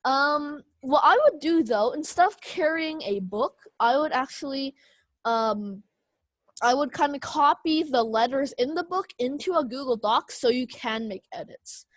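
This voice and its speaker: Slow, hesitant woman teaching a speech class. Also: high voice, animated, dry recording. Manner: hesitant, many fillers, slow and explanatory. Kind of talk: online class instruction. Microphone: video call.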